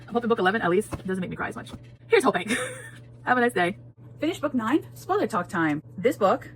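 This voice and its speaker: Talking casually about a book and spoiling it, this reviewer is emphatic, laughs often, and keeps circling back to the same phrases. She has a medium-pitched voice, and there's a slight noise in the background.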